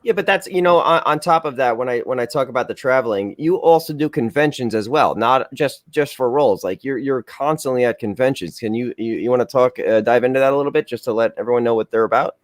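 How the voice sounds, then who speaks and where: A man's voice: medium pitch, dry recording. Guy hosting a talk show, restarts his questions a lot, dry close sound. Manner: halting, repeats words while framing questions. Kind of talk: casual interview chat.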